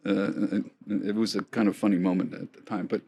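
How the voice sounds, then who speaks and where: A man's voice: on the low side, little pitch movement, a little fast, dark tone, husky. A man in his sixties telling stories as an interview guest, chatty, often laughing, with many restarts. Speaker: guest, markets correspondent. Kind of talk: storytelling interview chat.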